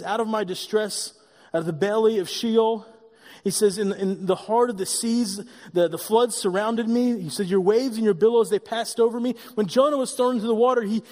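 A man preaching a sermon as pastor, retelling the story in an animated way and often repeating words as he goes. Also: high-pitched, in a large hall.

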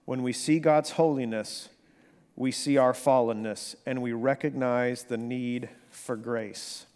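A man preaching a sermon, swinging from hushed, slow passages to animated, emphatic bursts. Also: mid-range voice. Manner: dynamic preaching, drops to near whisper then rises to animated emphasis. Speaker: pastor. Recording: long hall reverb.

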